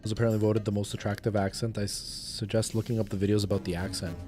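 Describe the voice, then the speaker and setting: A man's voice: fairly low pitch, little pitch movement, quick pace. A man livestreaming a game, rambling and thinking aloud in casual chat and greeting viewers. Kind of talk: casual live-stream chat while gaming. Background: game music.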